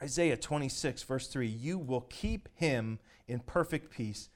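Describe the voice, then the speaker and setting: A male pastor preaching a sermon, lively and swinging between loud declarations and hushed, soft asides, with frequent chuckles. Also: medium pitch, a little slow.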